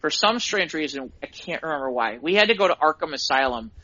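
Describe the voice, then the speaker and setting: A middle-aged man, a podcast co-host, telling excited stories in casual chat and laughing at them himself. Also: a little high, fast, highs cut off. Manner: excitable storyteller, laughs at his own stories.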